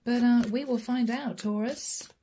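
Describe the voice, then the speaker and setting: A woman's voice: on the high side, steady tone, measured pace, warm tone, slight background noise. A woman giving a casual, emotional tarot reading, telling a vision as a story and speaking to her viewers in an intimate way. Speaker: tarot reader.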